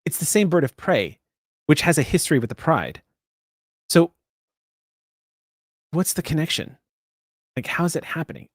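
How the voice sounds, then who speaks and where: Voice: mid-range voice, big pitch swings, moderate pace, long pauses, dry recording. Dry, close-sounding game master. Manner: musing aloud, full of questions and small laughs. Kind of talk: running a tabletop game.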